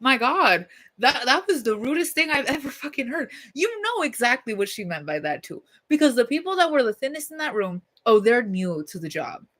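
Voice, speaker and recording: A young woman with a bright, forceful voice tells a story on her livestream. She rants in a loose, profane, blunt way, full of "like" and "y'all." Her delivery stays casual and fired up. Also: a little high, big pitch swings, a little fast. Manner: heated, profane and blunt, with lots of fillers.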